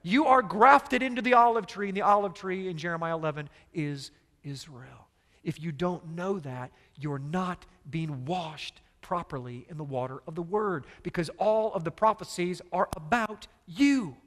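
High-voiced man preaching in a reverberant hall. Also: a little slow. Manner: emphatic, rhetorical questions to the congregation. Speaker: pastor. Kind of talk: sermon.

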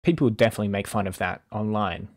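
A man's voice: lowish voice, fast. A man streaming live, reacting to videos with incredulous, swearing, laughing commentary.

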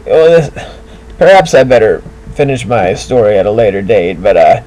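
A man's voice: on the low side, very animated, normal speed, dark tone, poor audio. A man voicing a corny, rambling male bulldog comedian who tells groaning puns and keeps getting tongue-tied. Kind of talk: comic character monologue.

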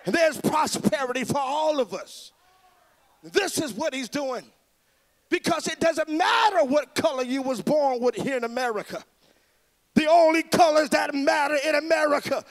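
Male pastor, very high voice, fiery preacher cadence. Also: normal speed. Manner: preacherly, shouting call-and-response to crowd. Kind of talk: fiery political speech. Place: convention hall.

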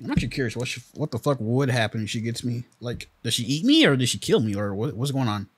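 A man giving loud, excitable let's play commentary, swearing often and making mock-dramatic pleas. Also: medium pitch, fast talker, slight background noise. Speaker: gaming channel host.

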